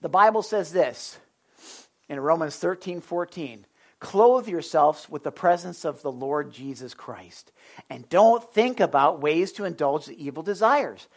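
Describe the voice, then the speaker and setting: A middle-aged man preaching a sermon in a lively, chatty way, slipping into quick acted asides. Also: a little high. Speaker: pastor.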